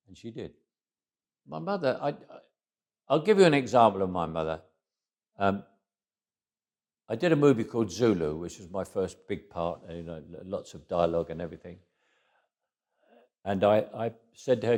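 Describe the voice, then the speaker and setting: A man's voice: low-pitched, animated, moderate pace, pauses often, darkish tone. A man, telling anecdotes in an interview. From England. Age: 80s. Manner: anecdotal, with frequent restarts and chuckles. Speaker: guest. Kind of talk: storytelling interview.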